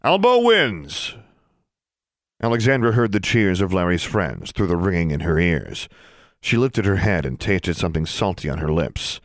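Deep-voiced man narrating an audiobook. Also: moderate pace, no room sound, clean studio sound. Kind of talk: scripted narration.

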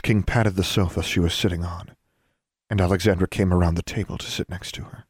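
A man narrating a fan fiction story as an audiobook, with steady, even storytelling. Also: low voice, a little fast, husky, dry recording, studio quality.

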